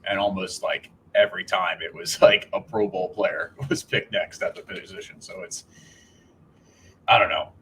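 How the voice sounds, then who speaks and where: A man's voice: low-pitched, fairly even intonation, normal speed, fairly bright tone, a little hiss or hum, rough recording. A man co-hosting a podcast in casual sports chat, rambling with restarts, swearing and laughing. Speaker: podcast co-host.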